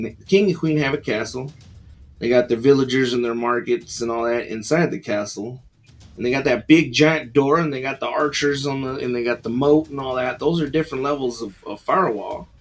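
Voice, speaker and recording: A man reviewing a book in a casual, rambling monologue, full of fillers and restarts and quick to poke fun at himself. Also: mid-range voice. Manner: rambling, many fillers and restarts, self-deprecating.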